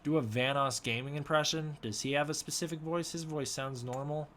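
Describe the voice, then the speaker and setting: A man's voice: fairly high pitch, fairly even intonation, fairly quick, fairly bright tone, a little hiss or hum. Hesitant young man streaming a chat Q&A. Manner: mumbling, hesitant, answers chat questions. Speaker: live streamer. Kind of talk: casual live-stream Q&A. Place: home room with a snake tank.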